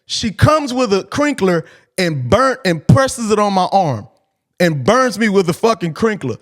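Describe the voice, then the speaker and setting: Podcast host, male, high voice; blunt, profane, animated storyteller. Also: unhurried, background noise. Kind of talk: casual storytelling.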